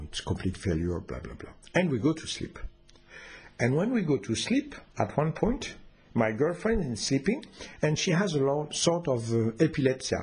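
A man's voice: mid-range voice, a little mellow, husky. A man telling a personal story in an unscripted, hesitant way, with restarts and fillers.

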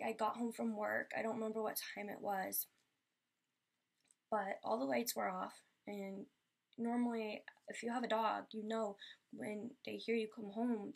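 A woman's voice: fairly high pitch, vocal fry. A young woman telling personal stories in a Q&A vlog, rambling and emotional with many fillers. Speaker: vlogger.

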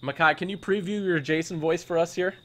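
A man's voice: fairly high pitch, a little fast. A man hosting a gaming video, commentating animatedly and repeating himself as the action unfolds. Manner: animated, repeats phrases, stammers when excited. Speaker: gaming channel host. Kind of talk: excited gameplay commentary. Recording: game music playing clearly behind. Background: game music.

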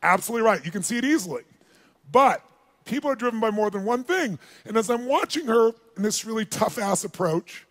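A man telling a story at a motivational seminar, acting out the dialogue and calling on the live audience to answer. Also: sits high. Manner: animated, acts out dialogue, calls on the audience. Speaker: motivational speaker.

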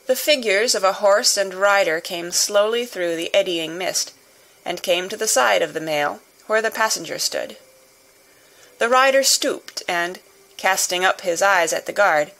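A woman reading a classic novel aloud as audiobook narrator, in steady, measured storytelling. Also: medium pitch, rough recording.

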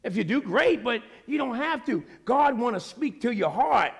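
A man preaching a sermon as pastor, animated, swinging from low asides to shouting. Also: normal speed, creaky, slightly rough.

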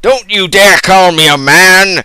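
A man voicing a nagging mother who scolds her son in a high, exaggerated voice. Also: sing-song, moderate pace, sharp tone, full character voice. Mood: outraged.

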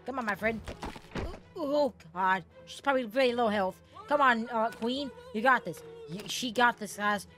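Woman host, fairly high voice, excitable gameplay commentator who swears a lot, faint music behind. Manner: excitable, swears freely, bursts into shouts and laughter. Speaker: gaming channel host.

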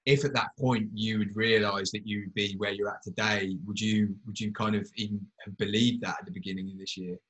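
A man with a somewhat low voice, hosting a podcast interview. He rambles a little, in an earnest and encouraging tone, and drifts between thoughts as he speaks. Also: level tone, fairly quick, hardly any pauses, fairly bright tone, poor audio. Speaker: podcast host. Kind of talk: casual interview chat.

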